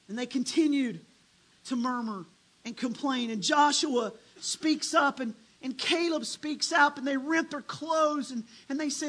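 A preacher delivering a dramatic sermon, swinging between hushed and loud. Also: sits high, measured pace, rough recording.

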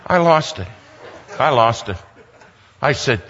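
A man telling an animated story to a congregation and acting out the voices. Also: mid-range voice, moderate pace. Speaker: speaker to a congregation. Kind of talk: storytelling sermon. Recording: dull sound with long hall reverb.

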